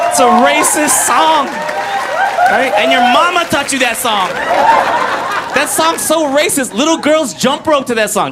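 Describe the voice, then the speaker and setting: A man performs stand-up on a club stage, his voice pitched high and animated as he teases the audience about accents. Loud laughter and crowd noise fill the room behind him. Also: normal speed. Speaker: stand-up comedian. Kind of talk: stand-up comedy set.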